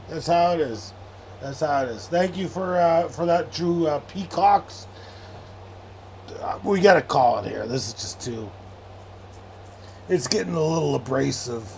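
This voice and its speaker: A man's voice: on the high side, animated, measured pace, vocal fry, pauses often, slight background noise. A young man hosting a late-night sports livestream, rambling and sarcastic, with frequent swearing as he reads chat aloud. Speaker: livestream host.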